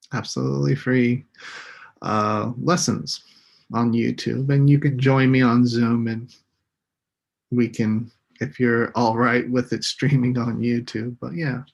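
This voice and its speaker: A man from the United States leads a live-streamed English lesson, drawing each word out and saying it again. His voice carries a gravelly rasp, and his pitch sits in an ordinary middle range. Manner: slow, deliberate, repeats words for students. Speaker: English teacher.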